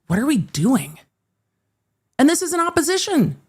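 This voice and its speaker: A woman's voice: sits high, big pitch swings, moderate pace, pauses often. A woman hosting a live-streamed legal commentary show, reading court filings aloud and breaking in with sarcastic, exasperated asides.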